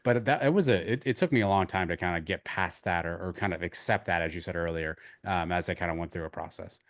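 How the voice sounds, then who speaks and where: A man's voice: sits low, fast. A man co-hosting a podcast, speaking candidly and reflectively in casual conversation. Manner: reflective and candid, thinking aloud. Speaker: podcast co-host.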